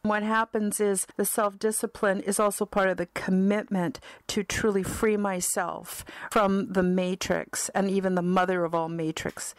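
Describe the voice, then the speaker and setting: A woman's voice: mid-range voice, flat delivery, normal speed, few pauses, dry recording. A middle-aged woman from Canada giving an earnest, heartfelt personal testimonial about her spiritual healing, often repeating words for emphasis. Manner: earnest, heartfelt, repetitive phrasing. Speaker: spiritual counselor and vlogger.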